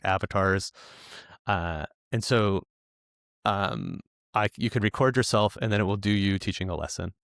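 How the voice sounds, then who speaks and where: Low-voiced man telling a rambling story. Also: no room sound, clean studio sound. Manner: rambling storyteller with many restarts and stammers. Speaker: developer educator, guest. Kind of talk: casual podcast conversation.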